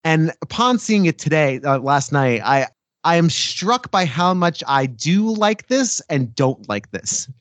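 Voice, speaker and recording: A man's voice: a little high, a little slow, no room sound. A man co-hosting a movie podcast, chatting casually and telling stories with laughs. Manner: animated, laughing storyteller. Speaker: podcast co-host.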